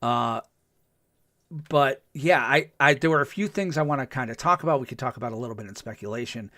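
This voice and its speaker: Man, podcast host, mid-pitched voice, dry sound, casual excited recap, lots of ums and restarts. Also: fairly quick, no room sound. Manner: chatty, with frequent ums and restarts; excited, acts out characters' lines in quotes.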